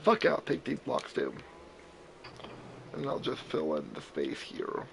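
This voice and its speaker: A man's voice: medium pitch, huge pitch swings, unhurried, creaky, noisy background. A young man chatting casually while playing a survival game, rambling and repeating words, with casual swearing.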